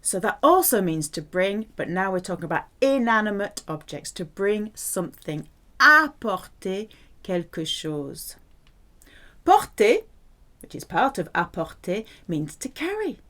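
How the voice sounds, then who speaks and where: French-accented woman, animated grammar teacher, lively pitch, playful and patient. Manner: playful, animated, spells words and repeats French examples slowly. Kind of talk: grammar lesson.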